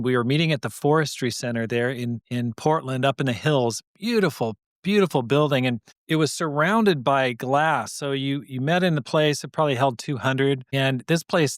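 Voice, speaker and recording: A podcast host with a medium-pitched voice animatedly recounts a story from his days as a pastor, acting out the voices of the people involved. The sound is studio quality with no echo.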